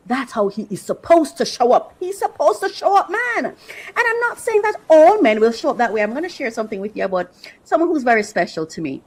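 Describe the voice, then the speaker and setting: A woman's voice: high voice, very animated, a little fast, a little mellow, slightly rough, poor audio. A woman hosting a podcast, giving emphatic, opinionated commentary, repeating phrases for rhythm and dropping affectionate asides. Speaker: podcast host.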